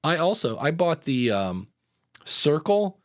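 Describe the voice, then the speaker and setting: An easygoing male podcast host chats on a live show, meandering off on tangents with lots of fillers. His voice is high-ish and sing-song at a slow pace, captured in a dry, close recording.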